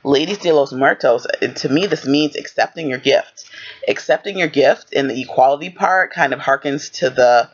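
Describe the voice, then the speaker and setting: A man giving a rambling pick-a-card tarot reading, congested from a cold, with a slight lisp and halting restarts. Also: medium pitch. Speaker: tarot reader. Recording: dull lo-fi audio.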